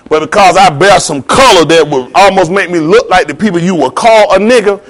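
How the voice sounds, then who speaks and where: A man delivering a heated, preachy monologue in slangy street talk, swinging between loud jabs and low asides. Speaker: vlogger. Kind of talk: ranting commentary monologue.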